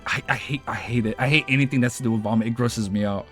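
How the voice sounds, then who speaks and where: A man streaming a live reading of a web novel, excitable and stammering, clearing his throat as his voice wears thin. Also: medium pitch, soft background music. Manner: excitable, stammering, reads quickly with jumpy asides. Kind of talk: casual live reading and reacting.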